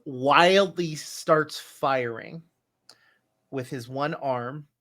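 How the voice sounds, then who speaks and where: Male game master, unhurried and halting, stumbles through restarts while narrating a tabletop horror game. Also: medium pitch, noisy background. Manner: halting, many restarts and fillers.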